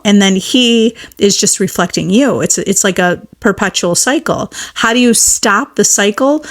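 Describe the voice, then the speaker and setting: A woman manifestation coach on a live stream, reading viewer comments and encouraging listeners with repeated affirmations in a casual, chatty way. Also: mid-range voice.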